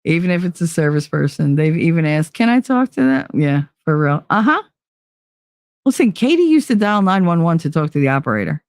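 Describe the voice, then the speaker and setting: A middle-aged woman chatting on her live stream, blunt and swearing freely as she tells animated stories. Her voice sits a little low, and the sound is close and dry with no room around it. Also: a little fast, no room sound. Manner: blunt, profane, animated storytelling. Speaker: live show host. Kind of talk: casual chat on a live stream.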